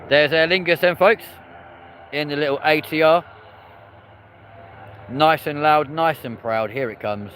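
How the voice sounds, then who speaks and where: A man's voice: on the high side, a little slow, long pauses, a bit bright, a little hiss or hum. Chatty Englishman streaming live beside an airport. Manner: chatty, upbeat, addresses viewers as friends and folks. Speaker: live-stream plane spotter. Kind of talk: live commentary to viewers. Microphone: phone.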